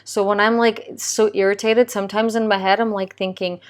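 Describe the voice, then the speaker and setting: A young woman talks casually about her day as a mother, leaning heavily on "like" and "you know" as she goes. Her pitch sits in an ordinary middle range for a woman. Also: level tone, a little fast. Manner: storytelling with many "like" and "you know" fillers. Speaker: Christian video host. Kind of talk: casual conversation.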